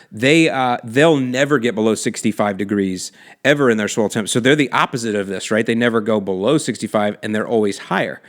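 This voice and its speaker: Chatty lawn care podcast host, man. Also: mid-range voice. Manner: chatty and enthusiastic, slangy asides. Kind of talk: casual explanatory podcast talk. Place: lives in South Florida.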